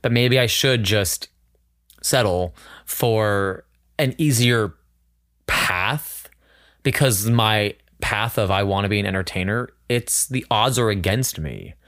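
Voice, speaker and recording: A man's voice: fairly low pitch, takes it slowly, a bit bright, no echo, studio quality. A man hosting a podcast in casual chat, talking candidly and emotionally, holding back tears. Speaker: podcast host. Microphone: studio microphone.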